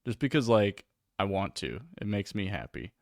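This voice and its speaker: A man's voice: on the low side, very animated, normal speed, dry recording, studio quality. A young man hosting a livestream, chatting casually in a rambling, self-deprecating way with lots of filler words. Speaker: livestream host. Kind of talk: casual chat.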